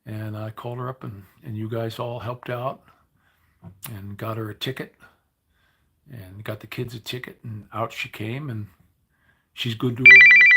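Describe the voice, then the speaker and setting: An older man chatting casually to his livestream viewers, weary and low on energy, rambling and grumbling with many restarts. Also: flat delivery, normal speed, pauses often, noisy background. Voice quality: gravelly, raspy. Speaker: livestream host.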